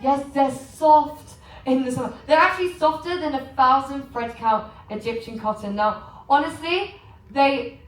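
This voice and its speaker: An English woman presents on cruise port shopping to a live audience in a large room on a cruise ship, joking and chatting through a sales talk and often quizzing the crowd. Her voice is high-pitched and a little slow. The audio is poor, with an echoey room and a distant mic.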